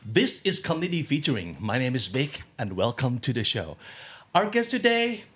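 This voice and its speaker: A male host with a lively, animated voice that moves up and down freely. His pitch sits in an ordinary middle range. He talks in a chatty, easygoing way and laughs readily. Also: normal speed, soft background music. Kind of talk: casual interview.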